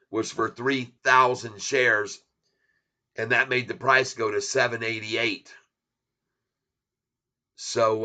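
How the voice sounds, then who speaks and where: A man with a very bright, sharp-edged voice hosting a stock market livestream. He rambles in a casual, chatty way, thanking viewers one by one. His pitch sits mid-range for a man. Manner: tries broken French and Spanish.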